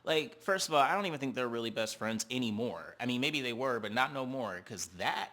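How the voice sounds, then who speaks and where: A man hosting a reality TV recap, talking in a sassy, animated, slangy way. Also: mid-range voice, brisk. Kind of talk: casual commentary.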